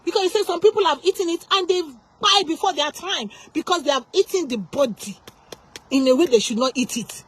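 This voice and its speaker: A woman's voice: sits high, a little fast. A woman preaching an informal sermon, impassioned and full of repeated rhetorical questions.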